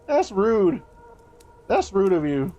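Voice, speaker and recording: A man's voice: high voice, sing-song, takes it slowly, warm tone, lo-fi sound. Profane, laughing male streamer. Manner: profane, laughing, bantering with chat. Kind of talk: casual live-stream chat. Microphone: streaming microphone.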